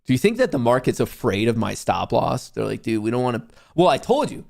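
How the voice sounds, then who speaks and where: A young man hosts a casual trading livestream, talking loosely with plenty of swearing. His voice sits at an ordinary male pitch. He jumps from low, distracted muttering into excited, bragging bursts. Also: brisk, vocal fry. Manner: excitable, profane, jokey bragging. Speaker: livestream host, day trader.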